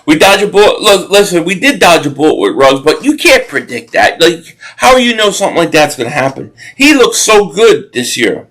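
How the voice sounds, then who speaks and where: His high voice is very animated and a bit bright, moving briskly with few pauses, and the recording quality is rough. Hosting a live-stream watch party for a football game, he chats in a loose, rambling way, responds to plays and viewer comments, and frequently restarts what he's saying.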